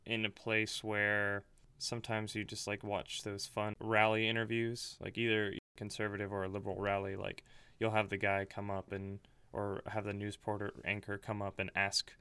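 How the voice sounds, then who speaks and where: A man talking in a casual chat, relaxed and full of fillers, animated when he quotes other people. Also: on the low side, normal speed, clean tone, no echo.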